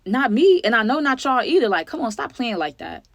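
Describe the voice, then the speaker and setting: A woman in her twenties telling a personal story to her viewers in a sassy, chatty, animated way. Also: a little high, a little fast, dry recording. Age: 20s. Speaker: storytime vlogger.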